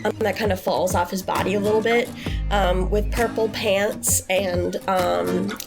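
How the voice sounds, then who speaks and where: Slow, hesitant woman describing her character. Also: mid-range voice, steady tone, gravelly, over music. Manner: hesitant, full of likes and ums, laughing. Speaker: player.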